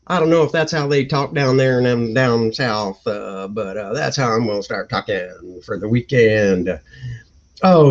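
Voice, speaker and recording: A man's voice: mid-range voice, lo-fi sound. A man hosting a casual live stream, chatting and reading out viewer comments as they come in. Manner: chatty, greets and reads viewer comments aloud.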